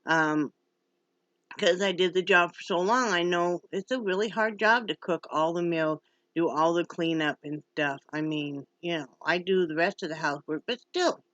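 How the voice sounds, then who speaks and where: A woman's voice: on the low side, normal speed, fairly bright tone, no echo, dull audio. A middle-aged woman from Wyoming chatting casually in a home vlog, laughing often and cooing to her dog. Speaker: vlogger.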